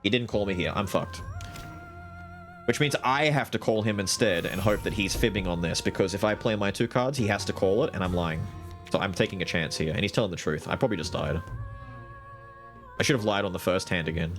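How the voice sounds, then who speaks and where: A man streaming a card game live, narrating his strategy, swearing and trash-talking the other players, with bursts of loud excitement. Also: low-pitched, fairly quick, soft background music. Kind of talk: live gaming commentary.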